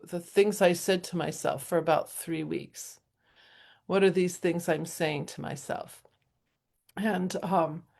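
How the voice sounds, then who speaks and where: Brief: middle-aged woman, slightly low voice, relaxed reflective chat, easy laughs. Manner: chatty, thoughtful, frequent fillers and little laughs. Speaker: speaker sharing self-help reflections. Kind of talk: casual reflective talk.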